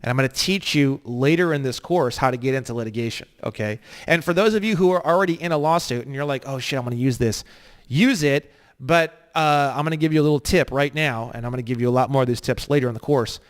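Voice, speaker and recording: A man teaching an online course in a heated, profane lecture, ranting and swinging between low mutters and loud emphatic bursts. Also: fast, clear, resonant tone.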